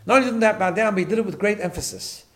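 A man's voice: sits high, racing. A man teaching a Torah class, emphatic, often repeating words and checking in with "right?". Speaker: rabbi.

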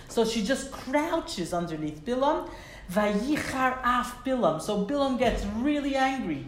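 A woman gives a Torah lesson, reading Hebrew verses aloud and turning them into plain English. She leans on repeated words to drive her point home. Her voice sits at a middle pitch, and it rings a little in a roomy space with a faint hiss behind it. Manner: emphatic, repeats words for stress; reads Hebrew verses then translates. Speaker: Torah teacher. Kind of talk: Bible class explaining verses. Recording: roomy echo.

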